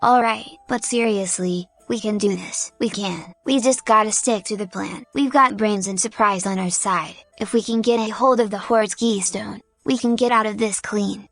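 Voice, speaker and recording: Woman doing a cocky adventurer gal, muffled raspy voice, teasing and breezy. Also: medium pitch, fairly even intonation, normal speed, hardly any pauses, dry recording, close to an everyday voice. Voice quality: muffled rasp. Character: cocky, joking female adventurer.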